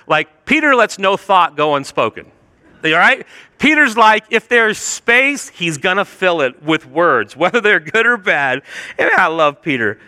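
A man preaching a sermon, telling the story with playful, animated asides. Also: high voice, long reverb tail. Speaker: pastor.

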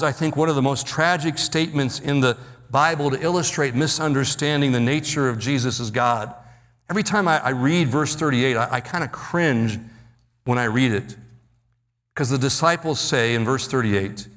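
Preacher, male, slightly high pitch, acts out quotes, reverberant hall. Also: fairly bright tone. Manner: dramatic, acts out Bible quotes, slows for emphasis. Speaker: pastor. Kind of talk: sermon.

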